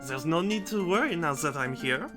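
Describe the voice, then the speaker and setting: A man's voice: on the high side, animated, normal speed, over music, natural voice. A man voicing an imperious young woman prosecutor with a put-on German accent. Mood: haughty. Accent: mock German. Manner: cold, imperious, clipped. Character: haughty young female prosecutor.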